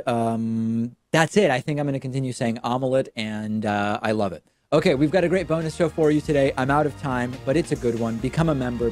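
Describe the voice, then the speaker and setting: Male show host, sardonic political commentary, mid pitch, dry mic. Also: darkish tone, dry recording. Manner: emphatic, sardonic.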